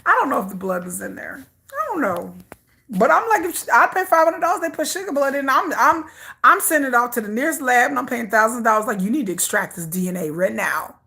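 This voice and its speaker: A young woman chatting casually while walking, animated and laughing, swinging from squeals to low mutters. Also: fast, vocal fry. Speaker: vlogger.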